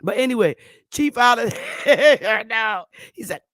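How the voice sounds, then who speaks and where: A woman hosting her own channel, chatting to viewers in a loose, profane way, laughing often and stammering when she gets excited. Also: on the high side, unhurried, no echo, studio quality. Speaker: channel host. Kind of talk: casual commentary to viewers.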